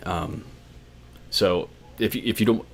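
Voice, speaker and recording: Male host in his forties, deep-pitched, loose chatty delivery to a live audience. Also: unhurried, a little hiss or hum. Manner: rambling, chatty, talks to viewers directly. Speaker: running channel host. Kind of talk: casual livestream chat.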